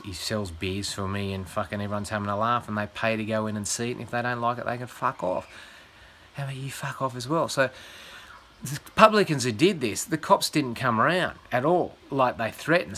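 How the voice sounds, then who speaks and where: Australian man, bright voice, profane rambling story, vlog chat. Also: fairly low pitch. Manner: swears constantly, rambling and animated, acts out the people he quotes. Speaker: comedian vlogger.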